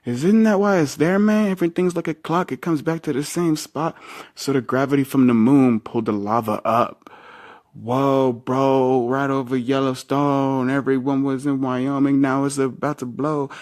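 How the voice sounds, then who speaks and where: A man's voice: mid-range voice, steady tone, moderate pace, darkish tone. A man ranting into the camera in a rambling, slangy monologue, swearing freely and quoting himself with "I'm all like". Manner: slangy, rambling, jumps from topic to topic; keeps quoting himself with "I'm all like", voice jumping up when he does.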